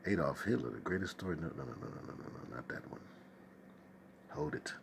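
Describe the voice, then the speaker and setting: A man's voice: a bass voice, expressive, quick pace, vocal fry, noisy background. A man hosting a casual stream from his desk, reading viewer comments aloud with exclamations and chatty asides. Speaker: host. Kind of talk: casual livestream chat. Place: at a desk at home.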